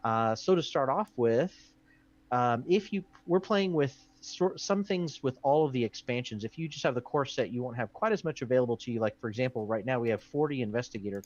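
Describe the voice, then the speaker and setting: A man's voice: medium pitch, expressive, a little fast, muffled recording. Chatty man explaining game rules. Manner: chatty, with many fillers. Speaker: board game show host.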